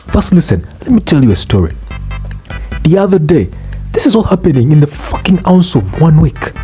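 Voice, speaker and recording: A young man ranting in a profane, exasperated comic vlog, swearing and bursting out loudly. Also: fairly high pitch, sing-song, moderate pace, faint music behind. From Uganda. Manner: exasperated, swearing, loud outbursts. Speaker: vlogger.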